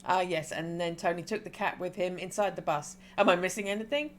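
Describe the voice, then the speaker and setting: Low-voiced woman reading game lines. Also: brisk. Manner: switches between calm reading and excited squeals. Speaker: streamer. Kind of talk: reading game dialogue aloud with commentary.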